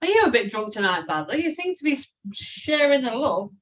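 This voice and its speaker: A woman's voice: high voice, sing-song, moderate pace, fairly bright tone, recorded from a distance, rough recording. A woman co-hosting a live chat stream, bubbly and greeting viewers by name. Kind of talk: casual chat.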